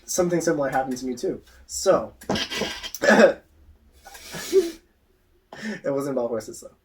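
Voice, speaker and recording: A man co-hosting a casual podcast, chatting in a relaxed way. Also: mid-range voice, takes it slowly, recorded from a distance, a little hiss or hum. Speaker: podcast co-host. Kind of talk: casual chat.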